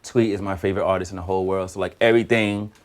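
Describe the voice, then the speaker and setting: A young man with a very low voice tells his story in a loose, conversational way. He slips into other people's voices as he goes, keeping the telling lively. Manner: lively, acts out other people's lines in quick back-and-forth. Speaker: guest singer. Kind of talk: casual storytelling.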